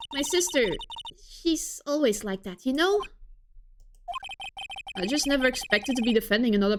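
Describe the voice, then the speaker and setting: A woman's voice: sits high, background noise. A woman voicing an eager, earnest young woman who is keen on science. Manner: bright and eager. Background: game music.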